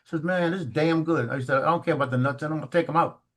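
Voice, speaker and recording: A middle-aged man recounts family memories in a relaxed, conversational way. His voice sits a little high for a man, and he stumbles and repeats words as he acts out the lines of the people in his story. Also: very fast. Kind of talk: casual storytelling chat.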